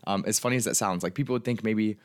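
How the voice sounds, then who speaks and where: Fast-talking man telling a story, low voice. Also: dry recording, clean studio sound. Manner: fast, chatty, filler-heavy, animated retelling. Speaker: life coach. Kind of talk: casual personal storytelling.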